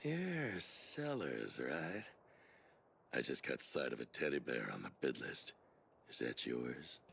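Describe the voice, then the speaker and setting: An actor playing a sly, teasing man at an auction, speaking slowly and mockingly in a gravelly voice. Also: very animated, fairly bright tone, a little hiss or hum, exaggerated voice. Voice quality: gravelly, very deep. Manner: slow, drawn-out and mocking.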